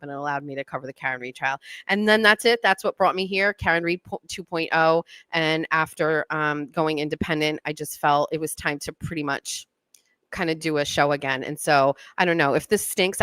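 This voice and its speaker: A woman's voice: lowish voice, fairly bright tone, no echo. A woman hosting a talk show, chatting in a rambling, self-deprecating way. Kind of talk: casual monologue.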